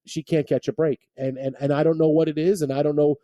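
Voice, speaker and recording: A man's voice: on the high side, little pitch movement, fast talker, dark tone, dry recording, clean studio sound. A man hosting sports talk radio, rambling and often restarting his sentences. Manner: rambling, repeats words when restarting thoughts.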